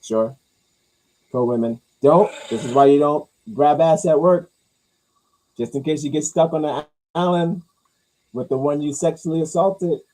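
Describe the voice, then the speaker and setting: A man's voice: unhurried, rough recording. A man hosting a podcast, riffing casually and jokingly on comments, rambling and repeating himself. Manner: rambling, jokey, swings loud and high for bits. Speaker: podcast host reading comments.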